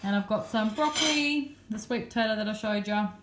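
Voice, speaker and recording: A woman's voice: mid-range voice, fairly quick, background noise. Chatty Australian woman vlogging at home. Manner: chatty, rambling, many fillers. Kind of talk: casual daily vlog. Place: home kitchen.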